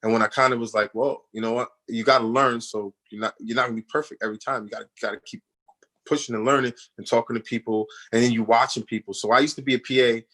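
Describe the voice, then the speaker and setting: Appearing on a radio show for a casual storytelling interview, this man speaks fast in a mid-range voice. His delivery is loose and slangy, full of "you know what I'm saying," and he animatedly performs the voices of people he quotes.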